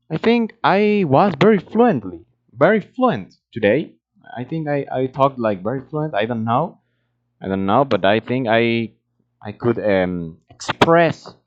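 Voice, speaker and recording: Slow, halting man. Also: fairly low pitch. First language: Spanish. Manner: halting, searching for words, many fillers. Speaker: language learner vlogger. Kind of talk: casual solo monologue. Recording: dull lo-fi home recording.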